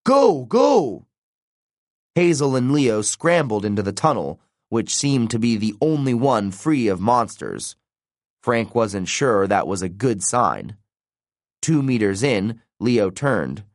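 A man with a low voice reads the audiobook slowly and deliberately, letting his pitch rise and fall with drama. The sound is close and dry, with no room echo at all. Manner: expressive, dramatic reading. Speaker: audiobook narrator. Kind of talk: scripted narration.

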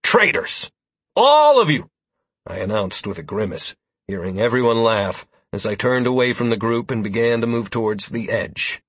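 Husky male audiobook narrator. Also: lowish voice, normal speed, no echo. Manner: expressive, voices many characters. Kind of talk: first-person fantasy audiobook narration.

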